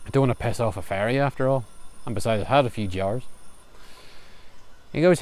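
A man's voice: mid-range voice, animated, brisk, pauses often. A man telling a humorous folk tale outdoors on a farm, in a chatty yarn-spinning manner. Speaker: storyteller. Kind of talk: spoken folk storytelling. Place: outdoors under a tree on a farm. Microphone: camera recording outdoors.

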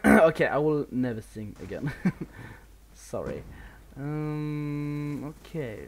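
A man's voice: a little high, animated, slow, a little hiss or hum. A man from Sweden with a Swedish accent, giving casual live commentary over a video game while he plays, a bit nervous, swearing and laughing at himself. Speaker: gameplay commentator.

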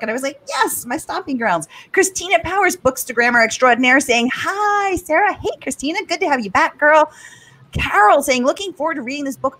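A woman's voice: sits high, a bit bright. A middle-aged woman from the area, hosting a live-streamed author interview with bubbly enthusiasm. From Boston area. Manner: bubbly, enthusiastic, reads viewer comments aloud. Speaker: host.

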